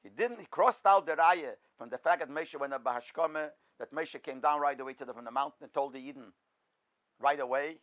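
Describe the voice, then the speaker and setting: A man's voice: fairly high pitch, brisk, a bit bright, highs cut off. A man, a rabbi, giving an in-depth Torah lecture, posing questions and then answering them himself. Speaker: rabbi teaching a class.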